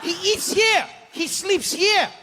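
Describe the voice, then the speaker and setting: A giddy, over-the-top male tour guide, put on by a male comedian on stage. The voice jumps high and gushes with forced excitement. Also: takes it slowly, a little hiss or hum, exaggerated voice. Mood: gushing. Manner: high, shrill and gushing.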